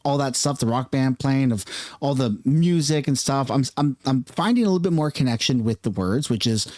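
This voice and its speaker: A man's voice: mid-range voice, expressive, normal speed, darkish tone, dry recording. Guy, 30s, YouTube commentator, earnest and chatty, mid-range voice, dry close mic. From Canada. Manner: chatty and earnest, openly emotional. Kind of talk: casual vlog commentary.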